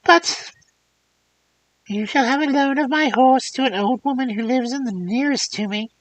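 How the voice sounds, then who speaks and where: A woman voicing an old crone in a fairy tale, with a high, cracked voice. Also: normal speed, lightly acted, poor audio. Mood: cryptic.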